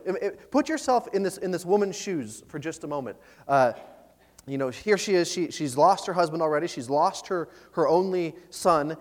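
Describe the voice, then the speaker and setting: A man preaching from a church sanctuary, his voice pitched high and swinging widely as he retells the story. He talks in bursts with many restarts. A long reverb trails each phrase. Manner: animated storytelling with frequent restarts. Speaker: pastor. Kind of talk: sermon.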